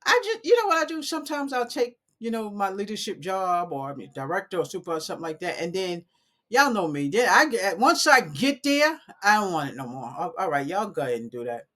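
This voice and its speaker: A woman's voice: medium pitch, big pitch swings, a little fast, fairly bright tone. A woman, talking casually and animatedly to her viewers on a live stream from home, calling them y'all. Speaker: coding academy owner.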